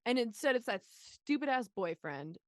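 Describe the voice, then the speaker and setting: A woman's voice: a little high, sing-song, normal speed, no room sound, clean studio sound. A young woman co-hosting a movie podcast, chatting casually with a sarcastic, swear-heavy, laughing manner. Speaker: podcast co-host. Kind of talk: casual movie review chat.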